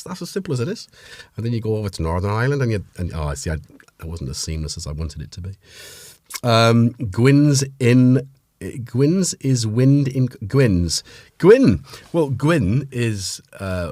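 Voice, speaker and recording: A man's voice: low voice, darkish tone, slightly rough, no room sound. A man from North Wales with a North Welsh accent, hosting a casual livestream and chatting in a rambling way while reading out viewers' names. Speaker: host.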